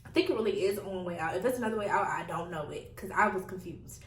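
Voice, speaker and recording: Young woman, casual storytime vlog, animated, laughing, roomy echo, slightly distant mic. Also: fairly low pitch, quick pace. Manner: animated, laughing often, addresses viewers as y'all. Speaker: vlogger.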